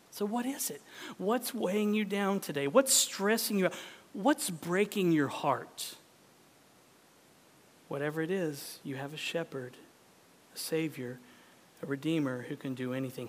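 A man preaching to his congregation before communion, swinging from loud urgent appeals to hushed, near-whispered prayer. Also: on the high side, slight background noise. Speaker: pastor. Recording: long reverb of a large hall.

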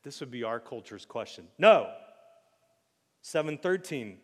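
A man preaching a sermon in a casual, joking way, with sudden loud acted outbursts. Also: medium pitch, animated, normal speed, in a large hall. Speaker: pastor. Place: church sanctuary.

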